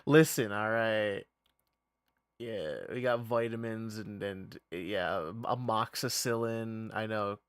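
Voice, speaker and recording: A man's voice: lowish voice, steady tone, slow, clear, resonant tone, no echo, pitched below the performer's own voice. A man doing a strained, grumbling old man. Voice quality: strained, tense throat. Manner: rambling, scoffing at modern times. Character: grumpy high-strung old man, impression of a comedy character.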